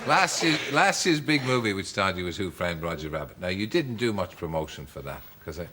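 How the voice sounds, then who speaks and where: A man hosting a chat show, asking quick questions in a teasing way. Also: low voice, very animated, very noisy. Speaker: talk show host.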